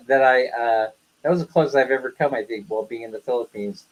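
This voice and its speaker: A man's voice: mid-range voice, fast, poor audio. An older man hosting a casual livestream, telling stories in a chatty way, laughing often and acting out what people said. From the West. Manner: chatty storyteller, laughs often, acts out quoted lines. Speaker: livestream host. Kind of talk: casual live chat.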